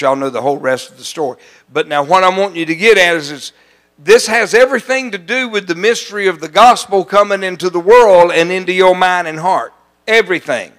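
A man preaching a sermon as pastor, animated and calling out to his congregation. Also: sits high. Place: church sanctuary.

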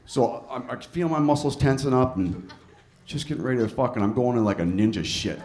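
A man's voice: medium pitch, a little fast, darkish tone. A man doing a stand-up comedy set in a club, telling a profane story and acting out both sides. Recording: live club recording with audience laughter.

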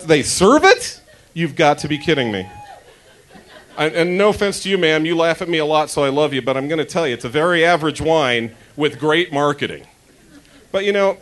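Man, stand-up comedian, chatty, crude, handheld mic, club stage, mid-pitched voice. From Denver. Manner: chatty, self-interrupting, crude punchlines.

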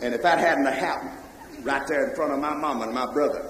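A man with a Mississippi Southern accent telling comic stories on a live stage, loud and animated, yelling for effect. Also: mid-range voice, a little fast. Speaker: comedian storyteller. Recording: echoey hall, faint noise.

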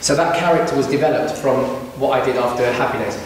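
Speaking fast at medium pitch, a British man entertains a young audience with stories, chatting and quizzing them with questions. Crowd noise fills the echoey hall, recorded from a distance.

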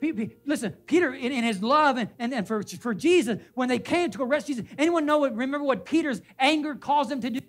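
A man's voice: extremely high pitch, fast, hardly any pauses, soft background music. A male pastor preaching a sermon in a church. He repeats names and phrases for emphasis and puts questions to the congregation. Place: church sanctuary.

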